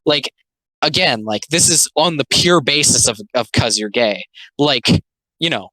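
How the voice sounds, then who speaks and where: A man's voice: mid-range voice, lively intonation, a little slow, pushed and bright, dry recording, rough recording. A young man doing a casual commentary video, rambling with lots of fillers and sounding exasperated.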